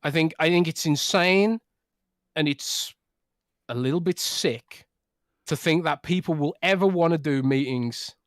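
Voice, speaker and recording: A man co-hosting a podcast, ranting in an animated way with many restarts. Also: fairly high pitch, measured pace, no echo, studio quality. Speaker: podcast co-host. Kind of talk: casual chat.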